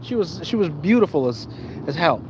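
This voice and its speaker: A young man live-streaming, retelling videos in a profane, animated, slangy way, full of stammered restarts. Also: fairly high pitch, a little fast, a little hiss or hum. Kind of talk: casual live-stream storytelling.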